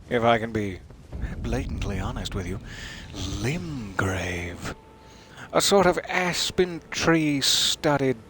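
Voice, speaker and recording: A man's voice: medium pitch, fairly bright tone, a little hiss or hum. A man giving casual let's-play commentary, making wry joking asides to his viewers and sometimes dropping into a mutter. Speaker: streamer playing a video game.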